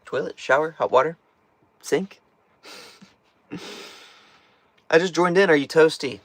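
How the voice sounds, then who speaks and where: A man's voice: on the high side, unhurried, no echo. A man hosting a casual live stream from inside a small tiny house, reading chat questions, joking and laughing often, his voice now and then cracking. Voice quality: voice cracks at times. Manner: chatty, jokey, laughs often.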